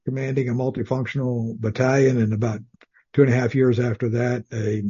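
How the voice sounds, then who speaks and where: An older man from South Texas, a retired Army officer as a podcast guest, speaking in a calm, soothing, measured way. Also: medium pitch, slightly rough, muffled recording. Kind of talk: casual interview.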